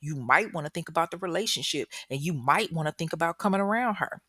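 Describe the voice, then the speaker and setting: A man's voice: a little high, animated, fast, pushed and bright, breathy edge, no room sound, studio quality, heavily acted. A woman voicing a jealous, menacing ex-boyfriend who speaks in cryptic threats.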